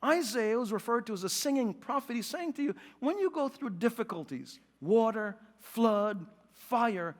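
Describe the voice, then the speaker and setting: A man with a New York accent preaching a sermon, animated and joking as he acts out scenes, slowing and softening for scripture. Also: very high-pitched, big-room sound. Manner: animated, acts out quotes and jokes, then slows and softens for scripture. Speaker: pastor.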